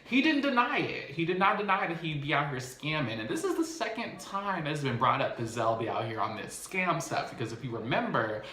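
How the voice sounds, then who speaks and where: A man's voice: mid-range voice, roomy sound. A man recapping a reality show episode in chatty, gossipy casual talk. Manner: chatty, animated, gossipy storytelling.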